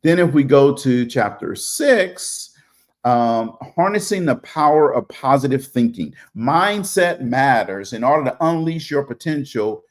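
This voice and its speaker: A man from Louisiana co-hosting a casual livestream chat over a video call, relaxed and talking with fillers. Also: mid-range voice, unhurried. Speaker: co-host and co-author.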